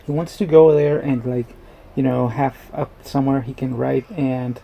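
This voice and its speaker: A man's voice: medium pitch, fairly even intonation, normal speed, gravelly, muffled recording. A man chatting casually as he reacts to a movie, rambling and joking with frequent restarts. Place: indoors at home.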